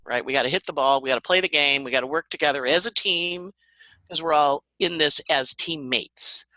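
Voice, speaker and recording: A woman astrologer talking as a podcast guest, animated and dramatic, breaking into little acted-out voices and sports comparisons. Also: low-pitched, brisk, no echo, rough recording. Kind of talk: podcast conversation.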